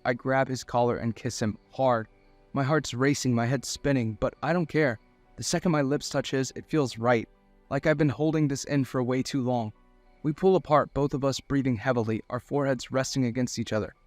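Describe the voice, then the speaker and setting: A man's voice: mid-range voice, normal speed, dry recording, soft background music. A young man reading a first-person romance story aloud in an earnest, emotional way. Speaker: narrator.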